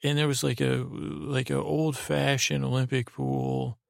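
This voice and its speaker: A man's voice: medium pitch, little pitch movement, measured pace, dry recording, studio quality. A man hosting a podcast, telling a meandering bedtime story full of hesitations and restarts. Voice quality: gravelly. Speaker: podcast host. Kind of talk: rambling sleep-story narration.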